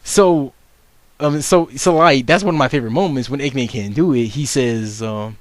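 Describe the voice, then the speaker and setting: A man's voice: medium pitch, moderate pace, very noisy. A young man giving casual unscripted video commentary, rambling and swearing, with frequent stumbles and restarts as he mocks himself.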